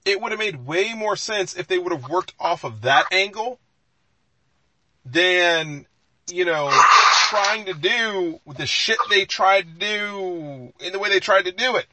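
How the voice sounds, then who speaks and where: A man's voice: sits high, lively intonation, unhurried, pushed and bright, slight background noise, poor audio. A man co-hosting a live podcast, talking in a rambling, emphatic way with many restarts and some swearing. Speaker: podcast co-host. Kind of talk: casual chat.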